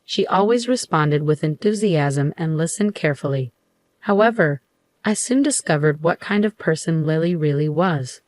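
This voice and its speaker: A middle-aged woman telling a first-person story in a steady, measured way. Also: low voice. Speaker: narrator.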